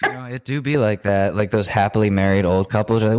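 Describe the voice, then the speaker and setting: A young man co-hosting a casual podcast chat, joking and playing along with quick bits. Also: lowish voice, steady tone. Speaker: podcast co-host.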